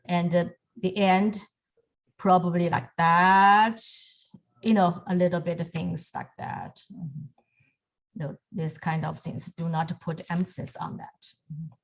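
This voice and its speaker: A woman with a lowish voice teaches calligraphy over a video call at an unhurried pace. She talks in halting pieces and often stops to restart a thought. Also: flat delivery. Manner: halting, many fillers and restarts, soft laughs. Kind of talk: online lesson demonstrating strokes.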